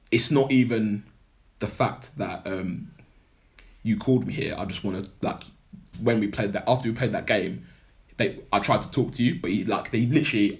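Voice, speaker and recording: A young man, co-hosting a podcast and retelling a film plot in a rambling, casual way full of filler words. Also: fairly low pitch. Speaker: podcast co-host.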